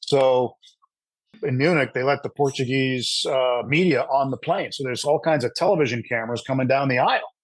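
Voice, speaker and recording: A middle-aged man, a sports broadcaster, telling a long anecdote in an interview with lively asides and frequent fillers. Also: medium pitch, moderate pace, no room sound, low-quality recording. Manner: animated anecdotal storyteller with fillers. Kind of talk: storytelling in an interview.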